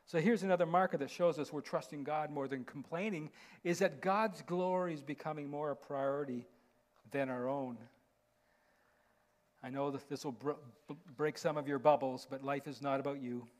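Male pastor, high voice, preaches with rhetorical questions and frequent "right?" check-ins. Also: normal speed. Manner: asks the congregation rhetorical questions, tags lines with "right?". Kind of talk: sermon.

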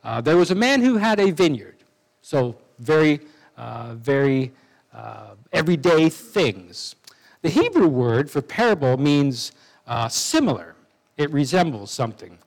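Male preacher, fairly high voice, animated, chatty sermon with asides. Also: measured pace, creaky, poor audio. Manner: conversational, with asides and restarts.

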